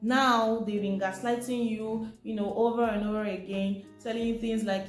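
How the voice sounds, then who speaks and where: A woman's voice: on the high side, steady tone, moderate pace, few pauses. A woman giving an informal teaching talk, chatty and asking her listeners rhetorical questions. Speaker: presenter. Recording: echoey room with faint music.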